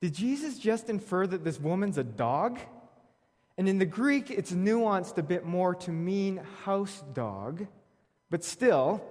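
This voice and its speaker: A man's voice: high voice, darkish tone. A man preaching a sermon, telling a scripture story with wry humor and reading verses aloud. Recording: long reverb of a large hall.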